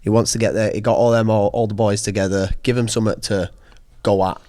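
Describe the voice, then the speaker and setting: A man co-hosting a podcast in casual chat, chatty and quick to jump in. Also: fairly low pitch, steady tone, dark tone, no echo. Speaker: podcast co-host.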